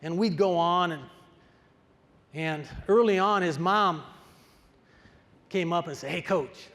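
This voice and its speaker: In a large, reverberant conference hall, an older wrestling coach with a high voice gives a storytelling speech, taking it slowly. He's animated, acting out the dialogue with energy.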